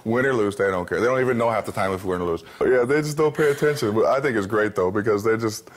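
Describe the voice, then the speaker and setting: Fast-talking low-voiced man, candid. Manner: easygoing, candid, frequent fillers and restarts. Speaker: interview guest, pro football player. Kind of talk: relaxed interview talk.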